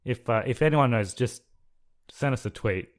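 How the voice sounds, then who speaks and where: A man's voice: medium pitch, normal speed. A man co-hosting a podcast, talking hesitantly and restarting sentences as he thinks aloud. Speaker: podcast co-host. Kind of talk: casual chat.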